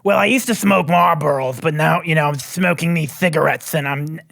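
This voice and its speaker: A man's voice: on the high side, normal speed, creaky, fairly bright tone, voice pushed up. A man voicing a chain-smoking middle-aged woman at a hair salon, chatty and rambling. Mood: gossipy.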